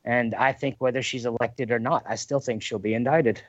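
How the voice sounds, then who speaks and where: A man's voice: mid-range voice, fairly even intonation, brisk, no echo, dull audio. A man chatting casually on a podcast over a call, talking politics in a heated, profane way. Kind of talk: casual chat.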